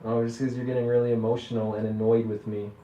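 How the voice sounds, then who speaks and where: A man speaks in a deadpan, needling way, his voice mellow and low-key. He is picked up by a security camera from across an echoey room, so the sound comes through dull and distant. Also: fast. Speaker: user chatting with an AI. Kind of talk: deadpan trolling chat.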